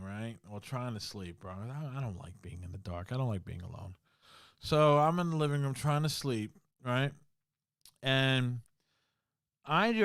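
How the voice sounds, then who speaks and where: A man hosting a podcast, telling a ghost story in casual talk full of swearing and slang, dropping to a hush in the scary parts. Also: medium pitch, clean tone, dry recording, clean studio sound. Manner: swearing, slangy, full of "bro" and "you know"; drops to a hushed voice in the scary parts. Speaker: podcast host.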